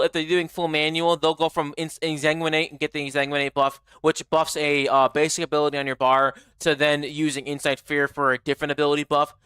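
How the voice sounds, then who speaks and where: A man's voice: fairly high pitch, bright, forceful tone, clean tone, dry recording. A young man streaming a game live, chatting casually with viewers, swearing often and reading out chat. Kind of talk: casual livestream chat while gaming.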